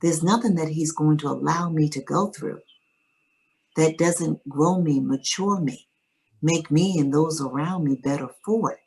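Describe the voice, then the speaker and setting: A woman's voice: low-pitched, unhurried, a little mellow, poor audio. A middle-aged woman, an interview guest and author, earnestly recounting a personal faith story with quoted dialogue.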